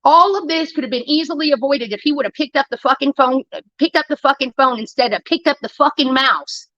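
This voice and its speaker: High, bright woman ranting heatedly. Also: fairly quick, no room sound, dull audio. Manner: profane, heated, defensive. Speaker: livestreamer. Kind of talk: angry ranting monologue.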